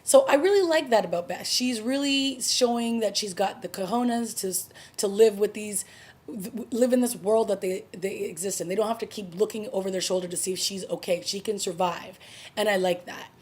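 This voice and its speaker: A woman's voice: medium pitch, moderate pace, darkish tone. A woman casually reviewing a TV episode, recapping the plot in a chatty, conversational way. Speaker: TV review vlogger.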